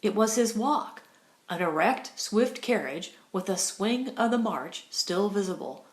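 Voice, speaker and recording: This is audiobook narration from a woman, scripted and delivered in a measured yet expressive way. Her voice sits in the mid range, and the space sounds roomy and echoing.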